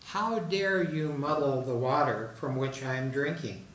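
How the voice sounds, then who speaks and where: A man's voice: mid-range voice, unhurried, a bit bright, close to an everyday voice. A man reading aloud the lines of a greedy, bullying male wolf from a storybook fable. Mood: scheming. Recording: roomy hall, mic at a distance.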